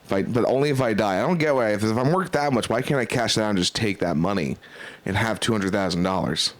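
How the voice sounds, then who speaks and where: A man hosting a podcast, firing off joking questions. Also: on the low side. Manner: quick, joking, fires questions. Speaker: podcast host. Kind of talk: casual podcast banter.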